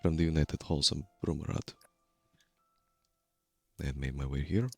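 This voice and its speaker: A man playing his character in a tabletop game, speaking in an earnest, measured way with a husky voice. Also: fairly even intonation, darkish tone, no room sound, faint music behind. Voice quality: very deep, gravelly and husky. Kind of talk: in-character role-play.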